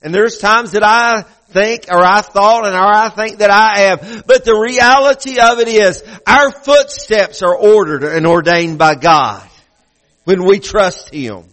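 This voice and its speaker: A man's voice: high voice, unhurried, a bit bright, rough recording. A male pastor preaching a sermon in a conversational way, often restarting and repeating phrases.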